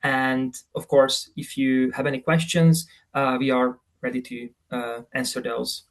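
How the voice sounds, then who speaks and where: A man's voice: mid-range voice, level tone, a little slow, gravelly. Hesitant man presenting in a webinar. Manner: hesitant, with many fillers. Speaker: association presenter.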